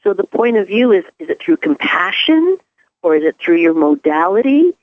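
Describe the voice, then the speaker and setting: A woman's voice: lowish voice, big pitch swings, normal speed, no room sound. A woman with a New York accent, a guest on an interview show, musing and asking herself rhetorical questions. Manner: reflective, asks rhetorical questions. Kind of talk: casual chat. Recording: tinny phone-like line.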